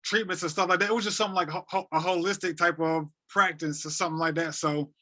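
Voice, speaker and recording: A man in his thirties from North Carolina, a podcast guest telling a personal story in an animated way, often repeating words and acting out what others said. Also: high voice, quick pace. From North Carolina, USA. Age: 30s. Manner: animated, repeats words, acts out quoted dialogue. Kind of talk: emotional storytelling.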